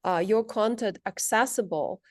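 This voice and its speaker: A woman language instructor giving a measured, explanatory presentation, walking through her slides with frequent pauses. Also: medium pitch, no room sound, studio quality.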